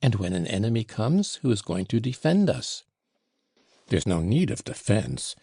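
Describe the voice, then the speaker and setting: A man's voice: fairly low pitch, big pitch swings, normal speed, creaky, mellow, breathy edge, no room sound, studio quality, exaggerated voice. A man reading a sullen, proud young male servant who talks curtly and disdainfully in an audiobook. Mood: scornful. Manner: curt, disdainful.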